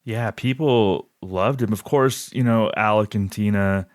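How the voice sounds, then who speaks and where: Podcast host guy, lowish voice, friendly, lots of "yeah" and "exactly", dry mic. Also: measured pace, dry recording. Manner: friendly, asks questions, agrees often. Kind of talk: casual podcast chat.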